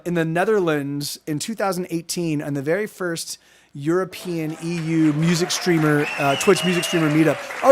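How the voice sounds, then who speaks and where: A man who streams music live, chatting to viewers in a rambling, self-interrupting way between songs he plays and sings. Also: on the high side. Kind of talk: live-stream chat and singing to guitar. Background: guitar.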